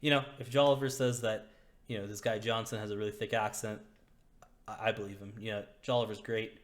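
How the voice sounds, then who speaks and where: Earnest cultist crew in a tabletop game, lowish voice, as a man puts them on. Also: level tone, a little fast, lightly acted.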